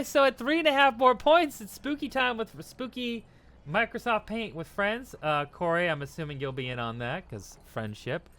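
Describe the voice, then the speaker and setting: A man's voice: fairly high pitch, pushed and bright. A tipsy man streaming a game, rambling casually, laughing and thanking his chat.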